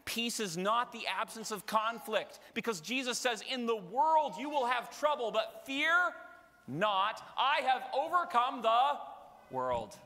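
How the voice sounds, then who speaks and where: A man preaching a passionate sermon as a priest, often building his voice up to a shout. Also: very high-pitched. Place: large church. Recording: long church reverb.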